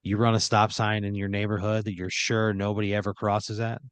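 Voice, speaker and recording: A man improvising a comedic story on a podcast, narrating in second person with deadpan, drawn-out phrasing. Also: lowish voice, smooth, no echo. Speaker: podcast host spinning a scenario.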